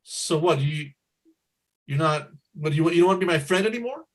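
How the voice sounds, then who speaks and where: Guy doing a high breathy stoner teen from the 50s, rambling, voice all over the place. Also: lively intonation, normal speed. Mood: hurt. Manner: rambling, dreamy. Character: laid-back 1950s teen boy turned pot-smoking dreamer. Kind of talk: live improv comedy scene.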